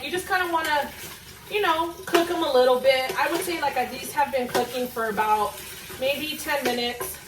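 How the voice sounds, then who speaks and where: A woman's voice: sits high, reverberant, recorded from a distance, noisy background. A young woman vlogging in her home kitchen, chatting casually and swearing freely as she tells a story while cooking. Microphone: camera away from the cook.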